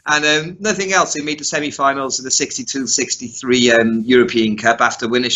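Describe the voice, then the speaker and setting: A man's voice: medium pitch, steady tone, brisk, pushed and bright, muffled recording. A man co-hosting a casual chat, talking loosely and laughing often. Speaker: co-host.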